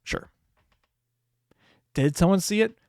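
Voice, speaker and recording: A man hosting a casual solo podcast, rambling, swearing and laughing often, with sudden jumps in pitch. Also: slow, gravelly, darkish tone, clean tone, no room sound, clean studio sound. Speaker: podcast host.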